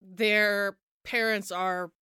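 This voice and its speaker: A woman's voice: medium pitch, flat delivery, extremely slow, smooth, no echo, studio quality. A woman co-hosting a tabletop role-play podcast, talking playfully with stumbling restarts and bursts of yipping. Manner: playful, loud animal noises, stumbling restarts. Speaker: podcast co-host and player.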